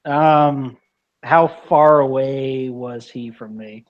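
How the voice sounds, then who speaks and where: A man's voice: mid-range voice, slow pace, highs cut off. Guy playing d&d, jokey and eager, laughs while he talks. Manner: eager, playful, jokes and laughs while describing actions. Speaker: player. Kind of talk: tabletop game banter.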